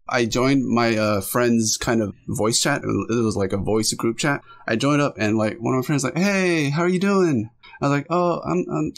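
A man co-hosting a podcast in casual chat, telling stories in an animated way. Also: medium pitch. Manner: animated, quick storytelling. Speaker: podcast co-host.

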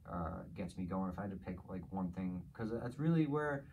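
A man's voice: sits low, animated, normal speed, darkish tone, slight background noise, low-quality recording. A man in his forties from New Jersey, a podcast guest speaking in candid, casual chat, frank and profane, flaring up when he vents. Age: 40s.

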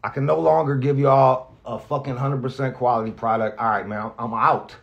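A man's voice: mid-range voice, steady tone, brisk, vocal fry, muffled recording. A man, a radio host, talks casually and rambles with lots of profanity, often restarting his sentences and getting emotional. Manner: emotional, near tears at times. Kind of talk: casual spoken farewell message.

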